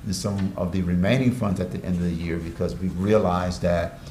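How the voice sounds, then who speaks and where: A man, the city manager, presenting a budget at a city meeting in a measured, hesitant way with many fillers. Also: low voice, steady tone, mellow. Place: city commission chamber. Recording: echoey council chamber, faint noise.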